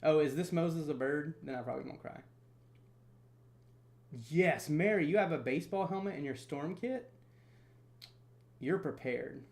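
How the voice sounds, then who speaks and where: A man in his thirties from North Florida hosting a casual storm-chasing livestream, chatty and quick to laugh while reading viewer comments. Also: on the high side, creaky, darkish tone. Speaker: storm chaser livestream host.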